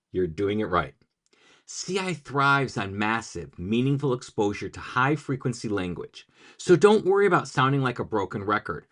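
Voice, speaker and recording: A man giving a scripted, upbeat explainer on language teaching, with a punchy, jokey delivery. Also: mid-range voice.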